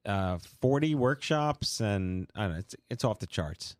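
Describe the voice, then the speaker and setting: A man's voice: on the low side, animated, a little slow, no echo, studio quality. A man with a New York accent hosting a casual talk show, rambling and correcting himself as he goes. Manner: rambling, self-correcting, playful. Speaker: podcast host.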